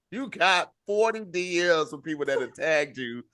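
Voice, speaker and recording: A man's voice: on the high side, animated, unhurried, a bit bright. A man co-hosting a comedy podcast, making emphatic points and repeating his words as he builds them. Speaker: podcast co-host. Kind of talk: casual podcast debate.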